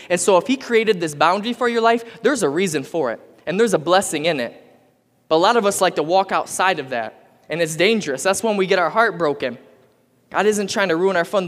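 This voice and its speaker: A man's voice: high voice, a bit bright. A man giving a youth sermon, urging the audience to respond and repeat after him. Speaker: youth pastor. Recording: long hall reverb.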